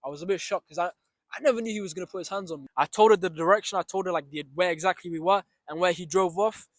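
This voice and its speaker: A young man telling a story about his day, swearing freely and acting out the shouts and the other voices. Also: high-pitched, quick pace, no echo. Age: young adult. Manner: swears freely, retells with reenacted shouts and asides. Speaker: storyteller vlogger. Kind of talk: animated storytime monologue.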